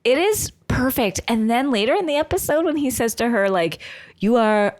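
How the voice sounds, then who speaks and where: A woman co-hosting a comedy podcast in casual chat, animated and laughing often, acting out quotes. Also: a little high, moderate pace. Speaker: podcast co-host.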